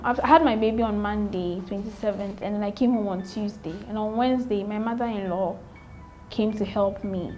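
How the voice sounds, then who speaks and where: A woman's voice: mid-range voice, mellow. A young adult woman with a Ghanaian accent, a guest telling her own story earnestly, repeating phrases and acting out remembered exchanges. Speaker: interview guest, new mother. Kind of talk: candid personal storytelling.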